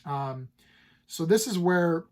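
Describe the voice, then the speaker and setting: Speaking slowly in an animated voice on the high side, this comic book reviewer talks casually through comics he has read. He's upbeat and enthusiastic, loosely paraphrasing the characters, and rambles with many fillers and restarts.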